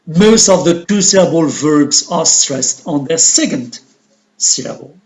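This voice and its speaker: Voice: mid-range voice, animated, unhurried, a little mellow, poor audio. An English teacher with an Algerian accent, giving a recorded lesson and explaining step by step, asking questions and answering them.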